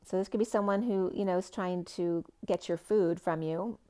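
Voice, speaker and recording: A woman with a slightly low voice gives a spiritual tarot reading. She meanders from one association to the next, full of "um"s and half-finished phrases, and now and then stretches a word out slowly. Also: fairly even intonation, mellow. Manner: rambling, free-associating, with many fillers and trailing phrases. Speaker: tarot reader.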